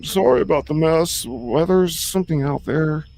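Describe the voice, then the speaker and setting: A man's voice: a little high, normal speed, gravelly, darkish tone, pitched above the performer's own voice. A man voicing a rumpled, self-deprecating police detective who talks in a folksy, apologetic way. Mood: sheepish.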